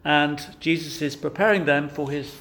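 A man's voice: a little high, normal speed, fairly bright tone, slight background noise. A man preaching a sermon, asking rhetorical questions and pressing his points with emphasis.

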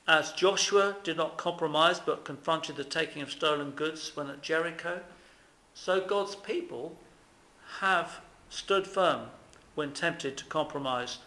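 A man preaching a sermon, earnest and emphatic, pressing his points with rhetorical questions. His voice sits a little higher than most men's. The sound carries a noticeable echo, as if from a church or hall. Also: bright, forceful tone. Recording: echoey room.

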